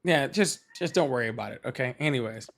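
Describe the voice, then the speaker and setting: A man hosting a live call-in talk show, teasing callers with quick, casual jokes. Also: mid-range voice, animated, vocal fry, a bit bright, a little hiss or hum. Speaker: host.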